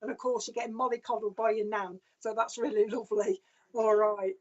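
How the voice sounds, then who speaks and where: A woman's voice: mid-range voice, steady tone, brisk. A woman giving a chatty live-stream psychic reading, passing on messages loosely with lots of fillers. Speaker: psychic medium. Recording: dull lo-fi stream sound.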